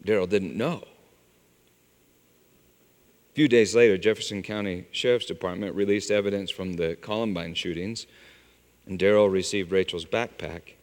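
A man's voice: steady tone, normal speed, long pauses, darkish tone. A middle-aged man preaching a sermon, telling a story and weaving in scripture references. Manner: storytelling with scripture references, pitch rising and falling widely. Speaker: pastor. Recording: long hall reverb.

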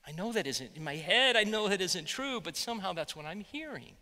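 Pastor guy preaching, really bright voice, kinda high, big hall echo. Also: fairly quick. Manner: animated storytelling, voicing quotes loudly. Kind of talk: sermon.

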